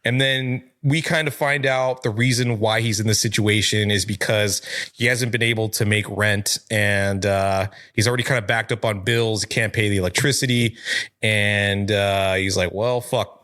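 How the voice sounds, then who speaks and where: A man's voice: on the low side, fairly even intonation, moderate pace, a bit bright. A man co-hosting a comic book review podcast, recapping the story in a casual, profane way and quoting its characters in his own voice.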